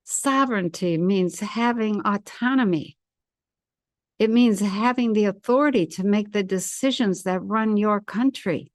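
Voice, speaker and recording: A woman giving a solo commentary as an intuitive commentator, measured and deliberate, with firm opinions. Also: mid-range voice, no echo, studio quality.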